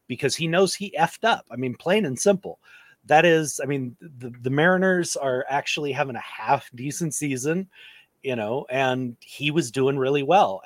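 A man co-hosting a sports podcast, giving blunt, animated takes in casual chat. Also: medium pitch, no echo. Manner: blunt, animated storytelling with frequent restarts. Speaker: podcast co-host.

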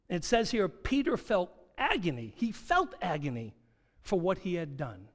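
In a church sanctuary with long hall reverb, a man preaches a dramatic sermon in a high voice, slow in pace but with wildly swooping pitch. He asks rhetorical questions and acts out quoted dialogue.

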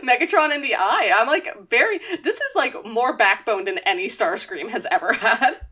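Animated snarky woman podcast co-host. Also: fairly high pitch, moderate pace. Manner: animated, snarky, laughs while retelling scenes. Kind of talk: casual chat.

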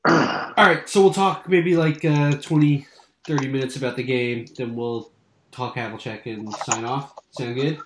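A man's voice: medium pitch, unhurried, fairly bright tone, a little hiss or hum. A man hosting a sports podcast, laying out the plan and welcoming listeners in an easygoing way. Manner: easygoing, organizing. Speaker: podcast host. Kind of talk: casual show intro.

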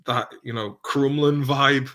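A man's voice: medium pitch, steady tone, measured pace, a bit bright. A man in casual podcast chat, rambling and swearing, often trailing off into mumbles.

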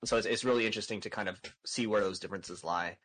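Bright-voiced man in casual chat. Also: on the low side, very fast, rough recording. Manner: animated, repeats words when starting sentences.

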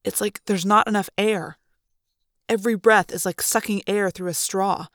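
Woman reading a story slowly. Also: mid-range voice, steady tone, fairly bright tone, no echo, clean studio sound. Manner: slow, deliberate dramatic reading. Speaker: narrator. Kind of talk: audiobook reading.

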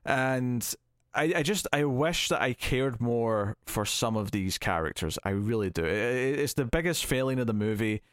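A man's voice: mid-range voice, lively intonation, moderate pace, a bit bright, no echo, clean studio sound. A man co-hosting a podcast, chatting casually and hesitantly about a film he reviews. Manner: rambling, hesitant, restarts often. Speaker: podcast co-host.

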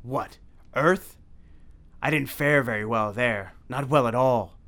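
A man's voice: medium pitch, takes it slowly, a bit bright. A man voicing a sneering, haughty male vampire count in a storybook reading, with a theatrical, imperious delivery. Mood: scornful.

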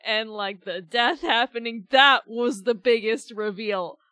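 A woman co-hosting a podcast in casual chat, enthusiastic and quick to agree. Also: a little high, bright, forceful tone, no room sound. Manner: enthusiastic, frequent agreeing and laughing. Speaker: podcast co-host.

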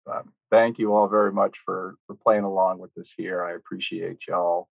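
Low gravelly guy, really slow calm qigong instructions, dry close sound. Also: no echo, phone-quality sound. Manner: slow, calm guiding with a folksy tone. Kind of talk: guided self-massage instruction.

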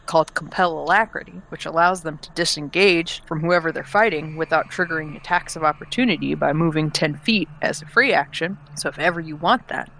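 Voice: mid-range voice, a little fast, gravelly, hardly any pauses, sharp tone, a little hiss or hum, low-quality recording. A tabletop game player listing new spells and tricks in a matter-of-fact, playful way. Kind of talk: casual tabletop game chat.

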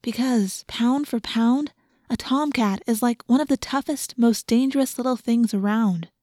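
A cautious, sensible teenage girl, as a woman reads her, speaking in a hushed near-whisper full of worry. The storybook sound is close and dry. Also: a little high, unhurried, no echo, lightly acted. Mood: worried.

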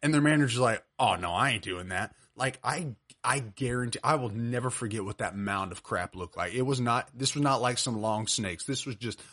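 A man in his twenties, co-hosting a podcast over a video call, telling an animated story and laughing often. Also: mid-range voice, brisk. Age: 20s. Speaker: podcast co-host. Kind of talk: casual storytelling chat.

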